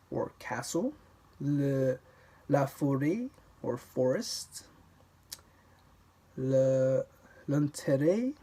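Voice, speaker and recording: A man reads a language textbook aloud at an unhurried pace, his voice dark and a little husky. He goes over practice words again and again, stumbling and restarting mid-sentence like a learner working through the page alone. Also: fairly high pitch. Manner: repeats words to practice pronunciation. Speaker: self-study language learner.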